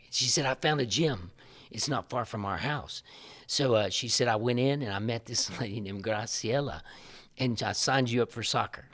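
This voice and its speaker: A man, a missionary guest telling lively stories in an interview and acting out the dialogue, often laughing. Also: mid-range voice. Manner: animated, laughing storyteller who acts out quoted dialogue. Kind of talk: storytelling in a podcast interview.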